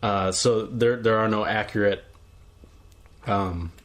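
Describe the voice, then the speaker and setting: A man's voice: lowish voice, fairly even intonation, slow, a bit bright. Rambling male podcast co-host. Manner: rambling, many fillers and restarts. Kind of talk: casual chat.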